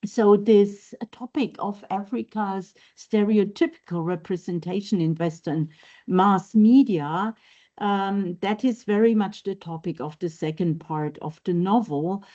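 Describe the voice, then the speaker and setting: A woman lecturer giving an academic seminar talk, measured and thoughtful, pausing on frequent ums. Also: on the low side, warm tone, lo-fi sound. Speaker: university lecturer. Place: university seminar room.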